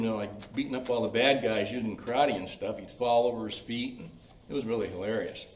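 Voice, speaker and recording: Folksy older man teaching from a distance. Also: medium pitch. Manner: folksy, chatty, frequent "you know" fillers. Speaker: creative writing workshop leader. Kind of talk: informal lecture with anecdotes. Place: library meeting room. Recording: roomy sound from a distant mic.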